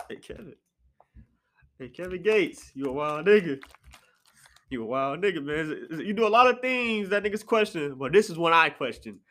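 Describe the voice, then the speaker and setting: A man hosting a casual solo podcast from his apartment, swinging between sudden high exclamations and low mutters. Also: fairly quick. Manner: animated, jumps into sharp high outbursts then drops to low mutters. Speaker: podcast host. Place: apartment room.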